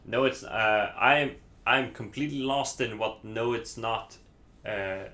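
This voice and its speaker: A man's voice: fairly low pitch, takes it slowly, bright, forceful tone. A man from Iceland, a native Icelandic speaker, giving casual gameplay commentary in English, hesitant and rambling with many fillers. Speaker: streamer playing a game.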